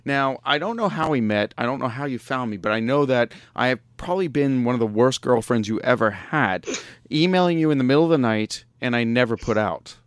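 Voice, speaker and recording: A man's voice: medium pitch, lively intonation, fairly quick, clean tone, no echo, clean studio sound. A man hosting a casual radio chat, joking and laughing often. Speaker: podcast host.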